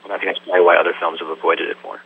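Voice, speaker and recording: Low-voiced male film director on a tinny line. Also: little pitch movement, rapid-fire, creaky, breathy edge. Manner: thoughtful, full of "sort of" and "like". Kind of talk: interview answers. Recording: tinny phone-like line with faint hum.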